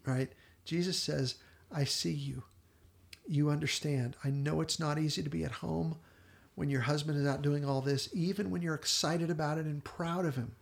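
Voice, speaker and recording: A man co-hosting a podcast, animatedly retelling a TV episode and quoting the characters in quick little voices. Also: fairly high pitch, gravelly. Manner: animated storyteller, quotes characters in brief voices, laughs often. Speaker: podcast co-host.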